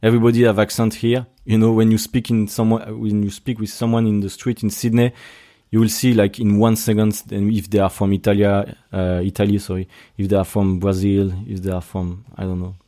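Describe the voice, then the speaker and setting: Young French-accented podcast host, low pitch, halting casual delivery. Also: male voice, level tone, mellow. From Brittany, France. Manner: hesitant, many restarts and fillers. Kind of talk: casual solo podcast monologue.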